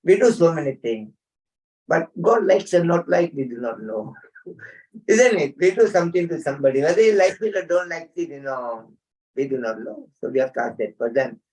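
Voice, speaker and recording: A man leads an informal scripture class at a home gathering, mixing chanted Sanskrit verses with chatty, chuckling stories. His voice is mellow and warm. He sounds a little distant from the microphone. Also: on the high side, animated, normal speed. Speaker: spiritual teacher.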